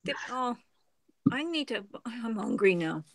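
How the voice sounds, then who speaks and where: A middle-aged woman from Canada chatting casually on a craft livestream, meandering and trailing off into soft murmurs. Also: on the high side, big pitch swings, a little slow, crowd noise.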